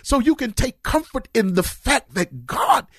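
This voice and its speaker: Man, pastor, husky voice, swinging pitch, shouted and sung preaching. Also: sing-song, unhurried. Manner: fervent preaching, rising to shouts and sung phrases. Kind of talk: sermon. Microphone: close mic on a cord.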